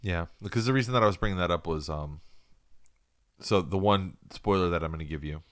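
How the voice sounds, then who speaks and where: A man's voice: low-pitched, brisk, no room sound, clean studio sound. A man with a throaty voice co-hosting a podcast in casual, rambling chat, laughing often and restarting his sentences. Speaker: podcast co-host.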